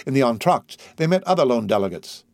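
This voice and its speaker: A man's voice: mid-range voice, sing-song, a little fast, darkish tone, no room sound, studio quality. A man reading a novel aloud as a narrator, giving the dialogue light character voices. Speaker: audiobook narrator. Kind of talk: scripted narration.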